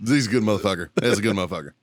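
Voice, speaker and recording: A man hosting a podcast, telling a profane, animated story about his time as a Marine staff sergeant. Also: lowish voice, racing, dry recording. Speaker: podcast host. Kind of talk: casual storytelling.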